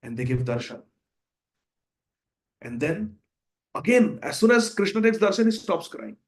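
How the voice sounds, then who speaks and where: A man retelling a devotional story in an animated way, with chuckles. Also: a little high, measured pace. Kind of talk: storytelling sermon.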